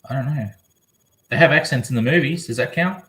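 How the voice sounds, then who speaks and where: A man's voice: mid-range voice, fairly quick, fairly bright tone. Rambling man live-streaming in an echoey room. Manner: rambling, chatty, reading comments aloud. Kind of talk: casual live-stream chat.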